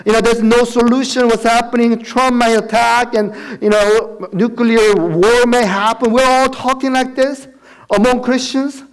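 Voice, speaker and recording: A man's voice: extremely high pitch, steady tone, unhurried, clear, resonant tone. A man giving a personal testimony as a missionary speaker in a church, telling his story with acted-out dialogue and frequent laughter. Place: church sanctuary.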